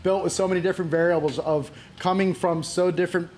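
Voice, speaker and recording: A man co-hosts a relaxed chat, musing at length and steering the conversation with questions. His pitch runs a little high, with faint noise in the room. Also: fast. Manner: reflective, long winding sentences. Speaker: podcast co-host. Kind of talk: casual chat.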